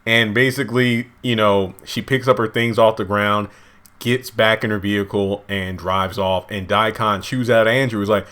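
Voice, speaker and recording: A man casually recapping a TV episode at home, lively and acting out characters' lines in high voices. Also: normal speed. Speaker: TV show reviewer. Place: home, indoors.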